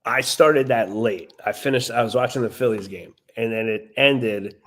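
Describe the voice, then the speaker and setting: A man's voice: medium pitch, normal speed, fairly bright tone. A man co-hosting a wrestling podcast, telling stories in a rambling, casual way with lots of fillers. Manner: rambling, filler-heavy storytelling. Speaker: podcast co-host.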